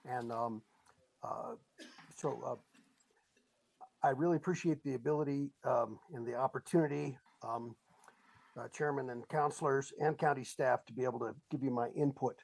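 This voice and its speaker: A man in his sixties who lives locally, giving public comment over a remote call in a halting way with many fillers. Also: medium pitch, steady tone, gravelly, a little mellow, rough recording. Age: 60s. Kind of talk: public comment at a council meeting.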